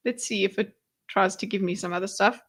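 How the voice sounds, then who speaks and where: A woman's voice: mid-range voice, a little fast, fairly bright tone, breathy edge. A woman chatting casually on a livestream while reacting to videos. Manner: chatty, laughs easily, thinks aloud.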